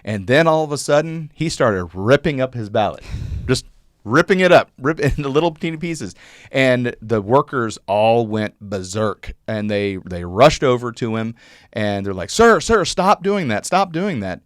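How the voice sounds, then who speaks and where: Man, low clean dry voice, rambling storyteller. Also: smooth, no echo. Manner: rambling, halting with many restarts and fillers. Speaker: poll watcher recounting experiences. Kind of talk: casual storytelling chat.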